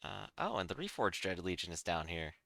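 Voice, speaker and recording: Bright, laughing man at a game table. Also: low voice, very animated, fairly quick, vocal fry, no room sound. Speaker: player. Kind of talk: casual tabletop play.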